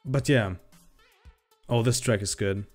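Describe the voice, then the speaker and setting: Over faint background music, a male streamer talks slowly in a voice on the low side. His casual, profane chat turns into a rant that grows heated.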